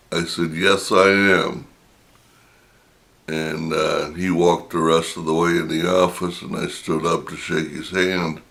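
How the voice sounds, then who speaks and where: Man, middle-aged, deep gravelly voice, unhurried, drawn-out anecdote. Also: flat delivery, fairly bright tone. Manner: slow, drawn-out anecdotal telling with chuckles. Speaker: storyteller. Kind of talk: casual personal storytelling.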